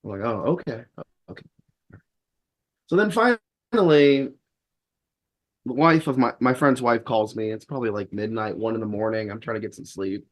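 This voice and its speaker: A man's voice: medium pitch, moderate pace. A man who is a guest on a podcast, telling a story in a wry, rambling way and acting out the dialogue he quotes. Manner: rambling with frequent restarts. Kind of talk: casual storytelling in conversation.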